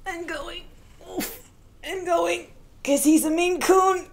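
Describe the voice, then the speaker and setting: A woman's voice: very high voice, steady tone, takes it slowly, creaky. A woman hosting a crafting channel, walking through a miniature build step by step in a friendly way. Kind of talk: craft tutorial narration.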